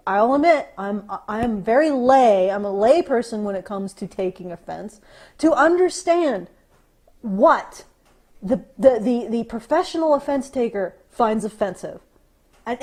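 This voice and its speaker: A woman's voice: fairly high pitch, a little mellow. A woman co-hosting a podcast, giving sarcastic, profane commentary that she keeps stopping to restart. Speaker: podcast co-host. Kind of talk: casual ranting commentary.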